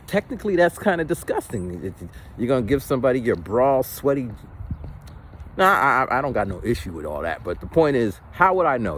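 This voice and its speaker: Man, casual rambling storyteller, lively swinging intonation, faint noise. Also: mid-range voice. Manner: rambling, animated, many restarts, acts out voices. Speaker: vlogger.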